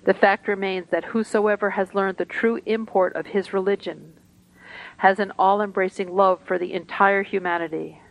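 A woman reads a spiritual talk aloud at a gathering, taking it slowly and deliberately. Her voice sits at an ordinary middle pitch for a woman, steady and measured. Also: creaky, dull audio. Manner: slow, deliberate, measured reading.

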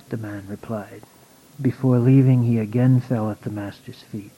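Mellow-voiced man reading a story aloud. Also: lowish voice, husky. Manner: calm, measured. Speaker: reader. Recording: dull lo-fi recording.

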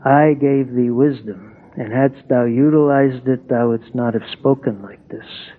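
God, as a man reads his lines speaks in a measured, solemn tone, reproving with archaic dignity. The delivery is slow, and the sound is narrow and tinny, like a phone call. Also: mid-range voice, natural voice. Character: stern yet loving male God.

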